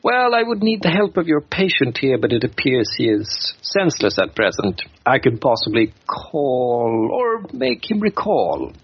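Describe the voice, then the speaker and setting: A man's voice: mid-range voice, huge pitch swings, measured pace, hardly any pauses, highs cut off, slight background noise. A man doing a formal, odd dwarf mystic. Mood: courteous. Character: odd, polite male dwarf mystic, well-travelled.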